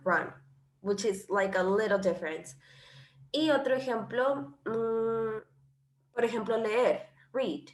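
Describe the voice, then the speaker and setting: A bit bright and medium in pitch, the teacher's voice explains English grammar patiently. She alternates between English and Spanish, her first language, and the classroom recording has an echo.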